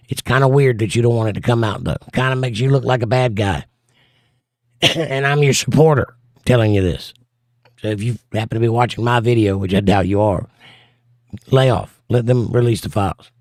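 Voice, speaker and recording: This livestream host reads chat messages out loud and responds with dry, joking asides in a relaxed stream. He speaks at a moderate pace in a mid-range, slightly mellow voice, recorded dry with studio quality.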